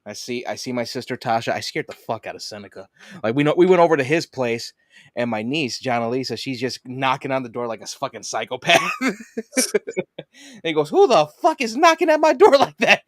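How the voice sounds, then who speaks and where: A man hosting a podcast in casual chat, an animated storyteller who swears and laughs often. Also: medium pitch, fairly quick, no echo, studio quality. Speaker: podcast host.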